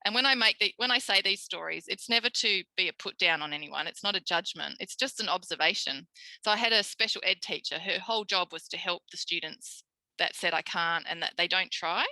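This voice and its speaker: Bright-voiced Australian woman lecturing. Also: fairly low pitch, fairly quick, no echo, rough recording. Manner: animated, acts out quoted voices. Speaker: speech pathologist lecturer. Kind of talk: recorded tutorial lecture.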